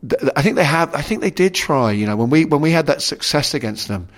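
His voice is fairly high for a man, with lively intonation and a quick pace. He's a middle-aged ex-rugby player being interviewed casually, and his answers ramble, packed with restarts and "you know."

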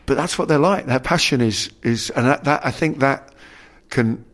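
Here a former rugby player in middle age talks loosely as a guest on a casual interview, full of false starts and "you know." His voice sits at a medium pitch, a bit bright, at a normal speed.

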